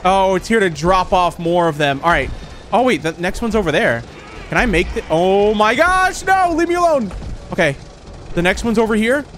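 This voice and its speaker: A man commentating a horror game, jumpy and excitable, with quick exclamations and frequent laughs. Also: high-pitched, faint music behind. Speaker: gaming commentator.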